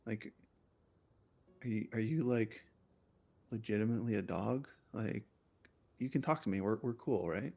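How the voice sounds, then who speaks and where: A man's voice: on the low side, normal speed, vocal fry, pauses often, a little mellow. A man playing a tabletop game, talking casually and repeating words as he thinks. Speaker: player.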